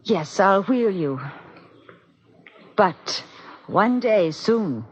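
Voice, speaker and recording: An actress playing a kind woman who cares for patients on a hospital ward, soft and formal in speech. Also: mid-range voice, expressive, extremely slow, husky, exaggerated voice. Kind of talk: 1950s radio drama acting. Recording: dull lo-fi old radio broadcast.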